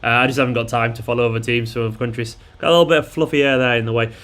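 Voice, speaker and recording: A man's voice: mid-range voice, steady tone, racing, fairly bright tone. A man, chatting casually and rambling as the host of a live watchalong and answering viewers' messages. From Manchester, England. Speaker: fan channel host.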